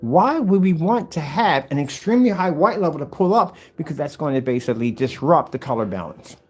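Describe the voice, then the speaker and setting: Brief: husky man, lively pitch, fiery product demo indoors, faint music behind. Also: fairly quick. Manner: combative, animated, talks straight to critics. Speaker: seller demonstrating projector screen paint. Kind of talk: product demonstration rant.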